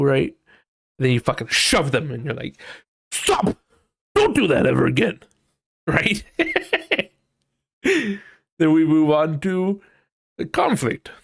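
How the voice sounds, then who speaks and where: A man's voice: on the high side, vocal fry, no echo, clean studio sound. A man hosting a casual solo podcast. He thinks aloud while reading, swears freely, and acts out quoted people in exaggerated voices. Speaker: podcast host.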